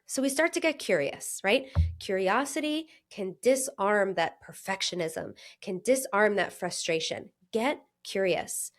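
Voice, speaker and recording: A woman's voice: medium pitch, lively intonation, a little slow, few pauses. A woman in her thirties, a health coach, talking alone in an earnest, chatty way, laughing often and acting out inner voices. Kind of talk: solo podcast monologue.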